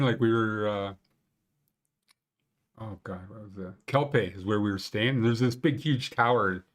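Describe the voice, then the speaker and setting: A man hosting a casual live stream about local ski conditions, chatting with viewers in a rambling, joking way with lots of fillers. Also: fairly low pitch. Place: Banff area.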